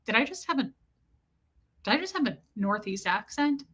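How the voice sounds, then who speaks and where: Bright, animated woman hosting a live chat. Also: mid-range voice, normal speed. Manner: animated, frank and crude, greets chatters by name between story beats. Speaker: livestream host chatting with viewers. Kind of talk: casual live chat, comic storytelling.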